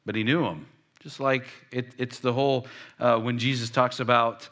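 This is a man delivering a sermon in a conversational, emphatic way. His voice sits at a medium pitch with a bright, forward edge. He keeps putting questions to the listeners and hits the words he wants them to hear. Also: fairly even intonation, moderate pace. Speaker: preacher.

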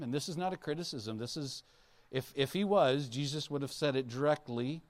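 This man, a pastor of medium pitch and moderate pace, delivers his sermon as a conversation, putting questions to the audience. He plays Bible characters using playful voices.

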